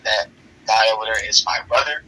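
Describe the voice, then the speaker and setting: A man's voice: on the low side, brisk, bright, forceful tone, a little hiss or hum, rough recording. A man voicing a new transfer schoolgirl trying to act ladylike, in his own voice. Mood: polite.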